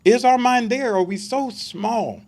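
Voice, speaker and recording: A man's voice: very high-pitched, unhurried, a little mellow. A man giving a conversational Bible study sermon, emphatic and full of rhetorical questions for his listeners.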